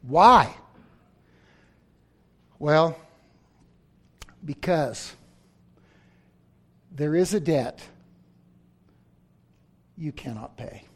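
A man preaching a sermon, swinging from loud outbursts to near-whispers, acting out story voices with humor. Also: fairly high pitch, expressive, drawn-out words, long pauses, husky. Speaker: pastor.

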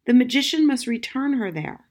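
A woman reading an audiobook, voicing a fiery, excitable middle-aged wife who speaks emphatically and indignantly. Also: a little high, normal speed, pitched above the performer's own voice. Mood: insistent. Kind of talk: audiobook character voice.

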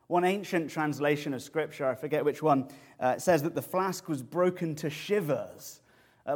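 A man preaching an expository sermon, lively and animated as he explains words and tells the story. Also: medium pitch, a little slow.

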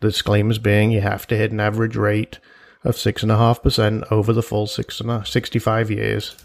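A man's voice: lowish voice, completely flat delivery, a little fast, vocal fry. A man hosting a solo personal finance podcast, chatty and jokey, with asides and imagined quotes from listeners. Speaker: podcast host.

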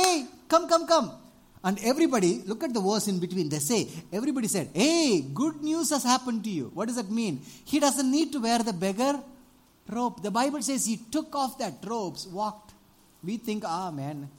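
A man preaching a sermon, animated, often asking the congregation for amens and rising to loud exclamations. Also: high-pitched. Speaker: pastor.

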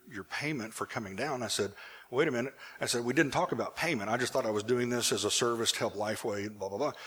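A male pastor telling a personal story in a sermon, animated at times and hushed in the emotional moments. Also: medium pitch, slightly rough.

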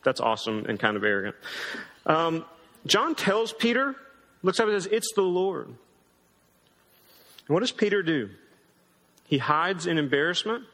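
Bright-voiced man preaching in a hall. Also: fairly high pitch, sing-song, normal speed, pauses often. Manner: casual, joking storytelling. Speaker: pastor. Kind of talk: sermon.

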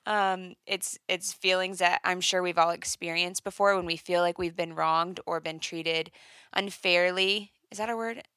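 A woman's voice: on the low side, fairly even intonation, moderate pace, bright, forceful tone, clear, resonant tone, dry recording. A young woman co-hosting a podcast, casual, teasing and thoughtful. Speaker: podcast co-host. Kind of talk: casual chat.

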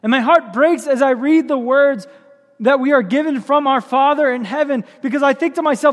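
High-voiced preaching man in a hall. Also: moderate pace. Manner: impassioned preaching with rising emphasis. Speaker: pastor. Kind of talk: sermon.

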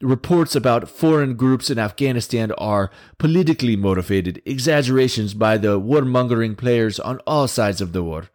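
A man's voice: medium pitch, expressive, moderate pace, hardly any pauses, a little mellow, lightly acted. A man voicing a menacing male militant leader reading a statement, in a put-on sinister foreign accent.

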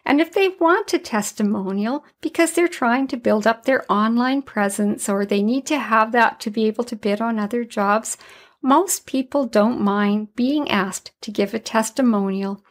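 A woman's voice: on the high side, moderate pace. Chatty retired woman podcaster. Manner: chatty, laughs while telling stories. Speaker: podcast host. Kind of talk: solo storytelling podcast.

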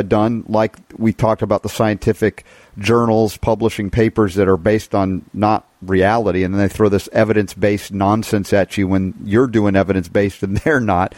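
Enthusiastic low-voiced male co-host. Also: a little mellow, no echo. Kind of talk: casual talk-show chat.

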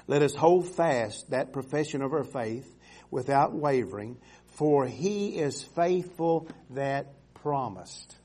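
A male pastor preaching a sermon, calling for amens and drawing scripture out slowly, swinging from loud exhortation to hushed storytelling. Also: medium pitch, expressive. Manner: emphatic, calls for amens, stretches scripture slowly.

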